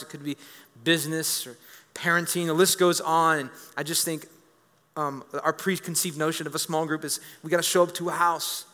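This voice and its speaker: A man in his thirties delivers a sermon in a high, bright voice. He jokes with the congregation and circles back on his words. The sound rings through a large church hall with a long reverb. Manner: energetic, joking, repeats words. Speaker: pastor.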